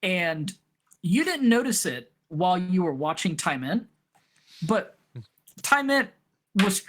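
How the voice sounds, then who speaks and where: A man narrating a tabletop game as game master, rambling and animated, often breaking into laughs. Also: sits high, takes it slowly.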